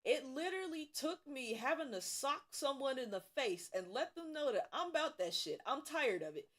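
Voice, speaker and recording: A young woman from Cincinnati, streaming while she draws, tells school stories in a casual, profane, animated way with bursts of laughter. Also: high voice, moderate pace. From Cincinnati, USA. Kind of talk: casual storytelling while drawing.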